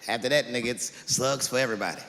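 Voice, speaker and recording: A man performing a stand-up comedy routine on stage, telling stories in an animated way and swinging into character voices. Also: mid-range voice, racing. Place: large venue on stage. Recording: echoey hall with loud crowd and noise.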